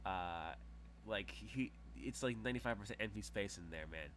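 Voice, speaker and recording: A man's voice: fairly low pitch, normal speed, fairly bright tone. A man narrating a tabletop game as game master in a casual, rambling way full of fillers.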